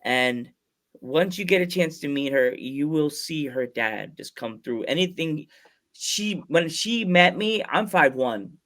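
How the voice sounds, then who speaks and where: Podcast host, male, higher register, rambling anecdotal delivery with frequent restarts. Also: animated, a bit bright. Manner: rambling storyteller who acts out quoted voices; halting restarts mid-sentence. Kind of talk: casual podcast interview.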